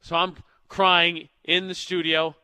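Chatty male radio host, bright dry voice. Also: high voice, flat delivery, slow, clean tone, no echo. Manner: joking, chatty storyteller. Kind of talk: morning radio banter. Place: radio studio. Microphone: studio mic.

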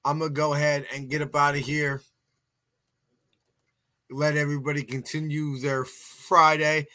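A man's voice: on the high side, level tone, moderate pace, bright, forceful tone. A man hosting a casual sports podcast, chatty and folksy, often restarting his sentences and sounding a bit tired. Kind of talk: casual sports talk show.

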